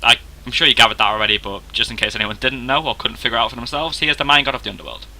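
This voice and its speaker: Bright-voiced young man casually narrating gameplay. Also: medium pitch, rapid-fire, vocal fry, slight background noise, rough recording. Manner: chatty, self-deprecating, rambling. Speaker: gaming video host.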